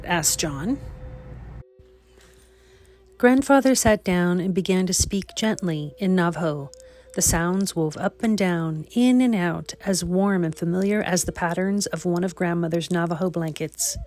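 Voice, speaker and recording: A woman, a teacher, reading a children's picture book aloud in a clear, expressive way. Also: lowish voice, a little slow, slight background noise. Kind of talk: read-aloud storybook narration.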